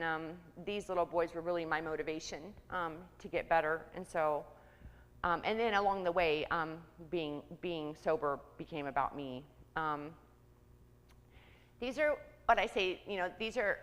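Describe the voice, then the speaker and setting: A woman who works as a church outreach coordinator, giving a candid personal testimony in a conversational way, with many pauses and ums. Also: lowish voice, clean tone. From Kansas, US. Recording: reverberant church hall.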